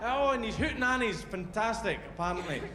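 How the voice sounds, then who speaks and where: A Scottish man doing a loud, jokey stand-up set at a live event. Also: sits high, expressive. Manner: fast, shouty and jokey. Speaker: stand-up comedian. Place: large live venue with crowd. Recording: echoey hall with loud crowd.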